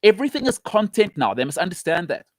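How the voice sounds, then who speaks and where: A man's voice: high voice, sing-song, fast talker, dry recording, clean studio sound. A man with a South African accent hosting a live stream, ranting with passion and emphasis and answering viewer comments. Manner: impassioned, emphatic, repeats for emphasis. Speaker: show host.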